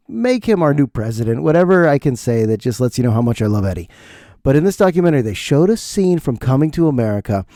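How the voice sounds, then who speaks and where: A middle-aged man hosting a comedic podcast monologue, animated, laughing often and mimicking lines. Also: mid-range voice, no echo, clean studio sound. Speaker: podcast host. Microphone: studio podcast mic.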